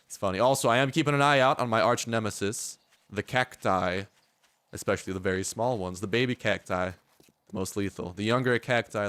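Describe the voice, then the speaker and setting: Young male gamer, smooth lowish voice, playful rambling commentary. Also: fairly bright tone, dry recording. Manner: joking, rambling, playful mock speeches. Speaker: gaming YouTuber. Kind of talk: casual gameplay commentary.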